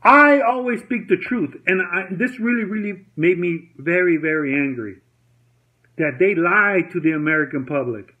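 A man's voice: sits high, moderate pace, sharp tone. A man delivering an angry personal rant to camera, repeating himself, swearing and retelling what others said. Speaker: vlogger. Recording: dull lo-fi audio.

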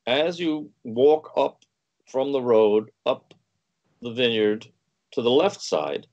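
Gravelly man telling wine stories. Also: medium pitch, takes it slowly, darkish tone, lo-fi sound. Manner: storyteller acting out quoted dialogue. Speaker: food and wine writer guest. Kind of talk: anecdotal storytelling in conversation.

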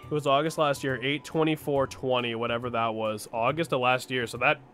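A man of middling pitch talks loosely and profanely over faint game music while he plays. He rambles from thought to thought and jokes at his own expense. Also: steady tone, fairly quick, a bit bright. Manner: rambling, profane, self-deprecating. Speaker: co-host of a gaming stream. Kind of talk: casual let's-play chat.

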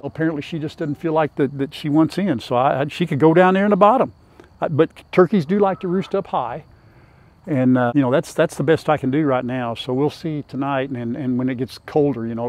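Standing by the pen outside with a lapel mic, this older farm vlogger talks casually and folksily to both his chickens and his audience. His voice runs slightly high and slightly mellow.

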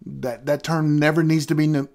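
A man's voice: fairly high pitch, flat delivery, normal speed, gravelly, darkish tone. A middle-aged man hosting a podcast, talking animatedly and acting out conversations in a casual rant. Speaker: podcast host. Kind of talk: casual ranting chat.

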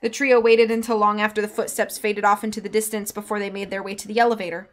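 A woman's voice: mid-range voice, level tone, fast talker. A woman reading a storybook aloud on a live stream, chatting with her viewers in between.

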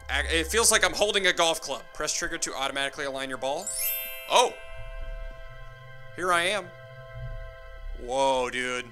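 Excitable young man over game music. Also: a little high. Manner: excitable, joking, talks to himself. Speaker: gaming YouTuber. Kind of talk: casual gameplay commentary. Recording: game music playing underneath.

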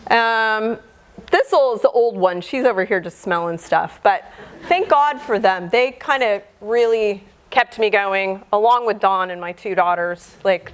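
A middle-aged woman biologist giving an informal public lecture, chatty and animated, acting out the dialogue she quotes. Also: fairly high pitch, clear, resonant tone.

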